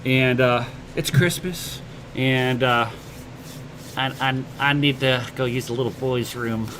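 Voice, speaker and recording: A man's voice: medium pitch, steady tone, takes it slowly, noisy background. A man hosting a casual livestream, answering viewer comments with blunt motivational advice, swearing casually and stumbling over repeated words as he starts sentences. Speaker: livestream host.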